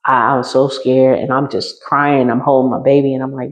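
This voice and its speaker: A woman's voice: rumbling low, flat delivery, brisk, hardly any pauses. A woman teaching a healing class, telling a personal story to her listeners and circling back over her own phrases as she recounts it. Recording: roomy and slightly muffled.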